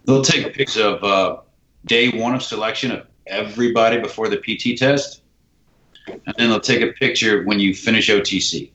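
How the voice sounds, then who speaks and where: Low-voiced bright man, roomy lo-fi sound. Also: moderate pace, a little hiss or hum. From United States. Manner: animated, acts out dialogue, swears casually. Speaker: guest, army veteran. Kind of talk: casual storytelling.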